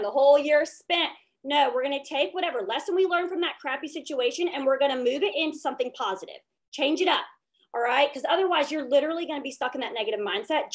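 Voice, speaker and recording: A woman giving a motivational leadership talk over a video call, tagging her points with "okay?". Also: sits high. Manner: upbeat and preachy, tags lines with "okay?". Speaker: direct sales team leader.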